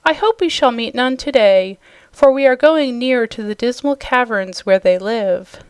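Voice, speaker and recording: A woman reading a storybook, voicing a gentle, calm sea queen. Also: a little high, a little slow, smooth, dry recording, lightly acted.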